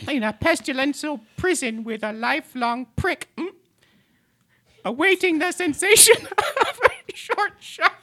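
A man puts on a thin, high, sharp-edged voice for a clueless, shirtless co-host doomed to a podcast in hell. He teases flatly and bluntly, as if every odd remark were obvious. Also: measured pace, no room sound, studio quality, exaggerated voice. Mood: deadpan teasing. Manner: deadpan teasing, blunt. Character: dim shirtless tattooed male co-host in hell. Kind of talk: improvised comedy podcast bit.

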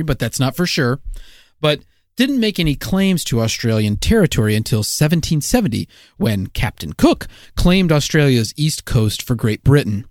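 Male co-host, wry deadpan script read, lively pitch, dry sound. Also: no room sound. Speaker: podcast co-host. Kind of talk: jokey scripted podcast narration.

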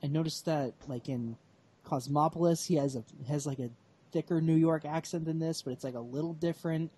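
Co-host: man with a mellow, husky voice, relaxed and thoughtful. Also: a little high, brisk. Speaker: podcast host. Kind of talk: casual film chat.

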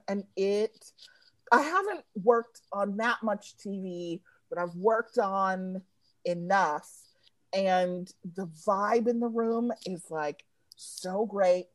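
In a relaxed podcast conversation, a female comedy writer swears openly and breaks into laughter partway through sentences while telling her stories. She speaks in a mid-range voice at an unhurried, stretched-out pace, recorded dry and close with no sense of room.

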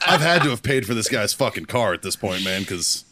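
A man co-hosting a podcast, telling stories in casual, profane, animated chat. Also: lowish voice, brisk, slight background noise. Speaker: podcast co-host.

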